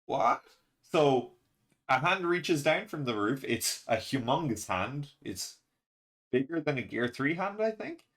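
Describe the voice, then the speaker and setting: Excitable man reacting to a chapter. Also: mid-range voice, unhurried. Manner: excitable, laughs often, rambling with many fillers. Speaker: manga reaction channel host. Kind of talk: casual reaction and review commentary.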